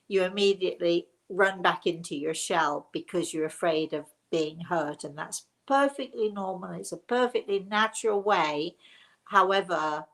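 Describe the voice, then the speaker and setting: A woman, a spirit medium hosting a live show, chatting fondly with viewers and calling them darling. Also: on the low side. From England. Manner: affectionate, calls viewers darling. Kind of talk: live-stream chat answering viewers.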